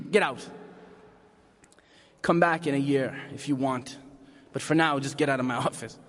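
A man's voice: medium pitch, unhurried, pitched below the performer's own voice, lightly acted. A man playing a stern, dismissive male wrestling coach who barks curt orders, recorded in a reverberant hall.

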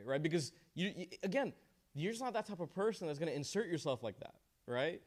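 A man's voice: on the high side, big pitch swings, a little fast. A man teaching a class, leading a discussion in a joking, encouraging way and praising answers. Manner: joking, encouraging, uses Islamic phrases.

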